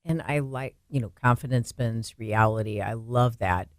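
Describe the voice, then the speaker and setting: A woman's voice: rumbling low, moderate pace, no echo, clean studio sound. Earnest woman co-host. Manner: earnest, rising to emphatic exclaims. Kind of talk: faith podcast conversation.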